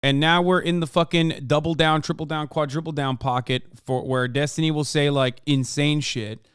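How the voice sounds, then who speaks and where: A man's voice: fairly high pitch, steady tone, moderate pace, clear, resonant tone, dry recording, studio quality. A man streaming live, reacting to clips with heated, profane, mocking commentary. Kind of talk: casual profane livestream commentary.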